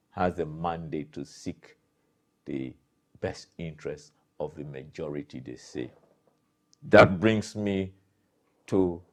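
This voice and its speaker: A man's voice: low voice, a little mellow. A man delivering an emphatic, preachy political commentary monologue as the host of his own show.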